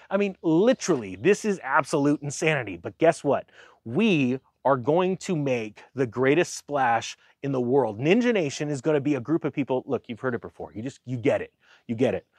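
Man, sarcastic finance rant, lively swooping pitch, higher voice, dry close sound. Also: a little fast, no echo. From United States. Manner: animated, sarcastic, mocking voices for others. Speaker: finance commentator. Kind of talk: casual rant commentary.

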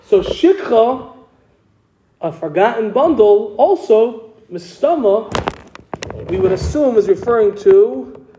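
Man, Talmud teacher, higher voice, explains step by step, quizzes students, echoey room, background noise. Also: expressive, takes it slowly, pauses often, dull audio. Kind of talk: Talmud class lecture.

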